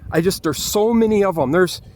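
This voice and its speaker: A man with a Michigan accent vents to his phone camera outdoors in a vlog. His voice sits somewhat high for a man, and he keeps restarting his sentences as his anger spills over. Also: brisk, a little mellow. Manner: angry, exasperated ranting with restarts. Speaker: vlogger. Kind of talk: ranting vlog.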